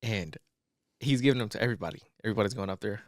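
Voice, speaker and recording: A man with a lowish voice races through casual podcast chat as a co-host, rambling, swearing and using plenty of fillers. The recording is dry and studio quality.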